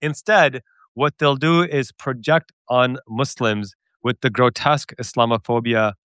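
A man hosting a talk show, arguing his point with emphatic indignation. His voice is smooth and resonant, recorded close and dry. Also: medium pitch, fairly even intonation, a little slow, a bit bright, dry recording. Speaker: podcast host. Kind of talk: political discussion.

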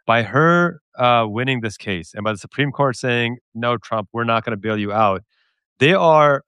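A man's voice: mid-range voice, lively intonation, moderate pace, bright, forceful tone, smooth, no echo, studio quality. A man hosting a political talk show, speaking emphatically and with indignation. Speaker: podcast host. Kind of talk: political discussion.

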